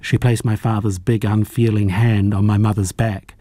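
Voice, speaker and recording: A man narrating a novel as an audiobook reader, in a measured, even storytelling manner. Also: fairly low pitch, no echo. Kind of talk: audiobook reading.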